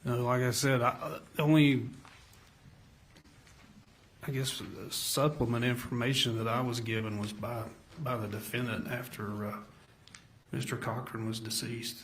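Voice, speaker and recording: A man's voice: medium pitch, steady tone, a little slow, long pauses, a little hiss or hum. A man working as a police investigator, testifying as a witness in a courtroom and giving guarded, careful answers.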